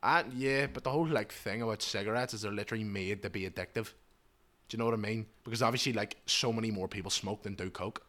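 A young Northern Irish man hosts a podcast with his friend. His voice sits low, and he talks with sarcasm, swearing and easy jokes. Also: fast, a bit bright. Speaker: podcast host. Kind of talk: casual chat.

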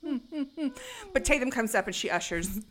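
A woman's voice: a little high, expressive, quick pace, a crowd in the background. A woman in casual chat, retelling film scenes with sarcasm and acting out the characters' lines. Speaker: podcast co-host recapping a film.

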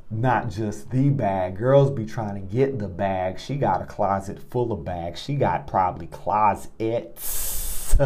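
A man's voice: fairly low pitch, a little mellow. A man hosting a show, telling a rambling personal story in casual slang, laughing often. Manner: slow, rambling, laughing often, loose and playful; casual slang, much "you know" and "man". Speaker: podcast host. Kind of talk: casual testimony monologue.

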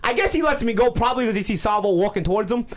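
Fast, animated male storyteller. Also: high voice. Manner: rambling, animated, many fillers. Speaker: podcast co-host. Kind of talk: casual storytelling.

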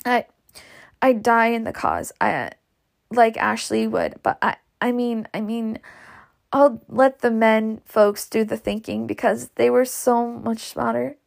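Earnest young lady, halting and gravelly, slow as a woman reads her, storybook reading. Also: a little high, expressive. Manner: hesitant, stumbling over words.

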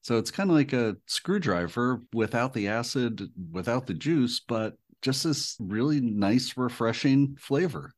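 A man co-hosting a podcast in a relaxed, easygoing casual chat. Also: mid-range voice, unhurried, few pauses. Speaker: podcast co-host.

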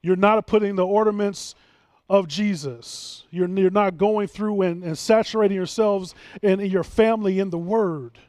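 A man's voice: high voice, normal speed, a little mellow, no echo, clean studio sound. A man preaching a sermon as pastor, earnest and emphatic, often restarting his phrases.

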